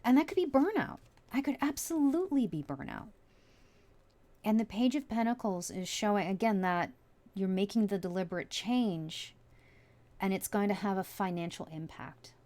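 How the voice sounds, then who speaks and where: A woman's voice: medium pitch, expressive, normal speed, darkish tone. A woman giving a casual tarot reading from home, musing aloud as she turns over each card. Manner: chatty, musing aloud with many likes and you-knows. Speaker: tarot reader.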